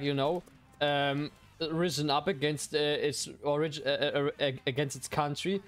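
A young man giving casual, profane gameplay commentary as a streamer, excitable and quick to outbursts. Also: fairly high pitch. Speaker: gaming streamer.

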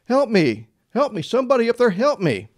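A preacher acting out a frantic man who clings to a cliffside bush and yells for help, in a raised, strained voice. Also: very high voice, expressive, moderate pace, voice pushed up.

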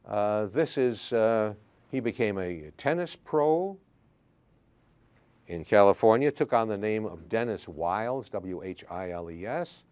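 Older male professor with a lowish voice; lectures haltingly, full of uh's. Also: lively intonation, darkish tone, smooth. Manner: halting, frequent uh fillers. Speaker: history professor. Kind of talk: lecture with anecdotes. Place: classroom.

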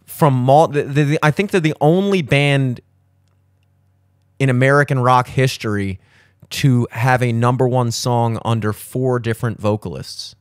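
A man in his thirties rambles through strong opinions, swearing freely and jumping up in pitch when worked up. His voice sits mid-range for a man. The studio sound is dry and close. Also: unhurried, dry recording. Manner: profane, opinionated rambling with animated jumps in pitch. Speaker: podcast host. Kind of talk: casual chat.

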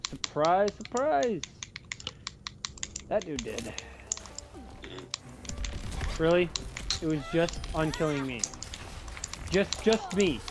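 A gamer giving casual commentary while playing, excitable, yelping and groaning at every setback. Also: medium pitch, slow, pauses often, music in the background. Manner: excitable, yelps and groans at each death. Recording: noisy with keyboard clicks.

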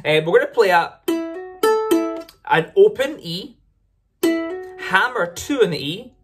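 Friendly ukulele tutor, casual lesson delivery, mid-range voice, loud ukulele in the mix. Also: medium pitch, expressive, slow pace, loud music behind the voice. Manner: chatty, upbeat, often corrects itself mid-sentence. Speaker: ukulele teacher. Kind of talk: casual instructional explanation. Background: ukulele playing between phrases.

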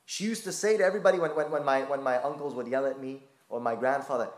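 A man's voice: medium pitch, fast, few pauses. Male preacher, impassioned storyteller; echoey lecture room. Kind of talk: sermon.

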